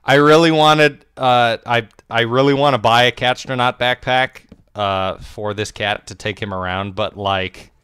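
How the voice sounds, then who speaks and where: A man's voice: mid-range voice, steady tone, a little slow, few pauses, fairly bright tone, clear, resonant tone, dry recording. A man streaming a game and chatting playfully, swearing freely and cooing baby talk. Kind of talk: casual live-stream chat. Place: home.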